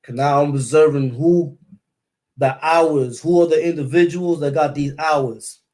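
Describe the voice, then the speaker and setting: A man's voice: fairly high pitch, measured pace, a little mellow. A man from Brooklyn with a New York accent, telling a story in casual street slang and filling it with repeated words and sound effects. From East New York, Brooklyn.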